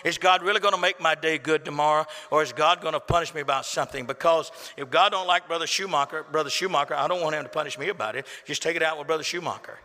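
Male preacher, fairly high, very bright and forceful tone, folksy delivery, church reverb. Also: fast talker, hardly any pauses. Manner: folksy storytelling, building to impassioned peaks. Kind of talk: sermon. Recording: echoey hall reverb.

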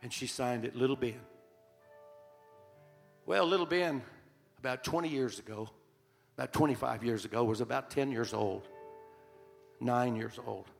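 Older male pastor, earnest sermon storyteller, raspy-edged voice, cavernous reverb. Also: medium pitch, moderate pace, long pauses. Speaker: preacher. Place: church sanctuary. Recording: long hall reverb, faint music.

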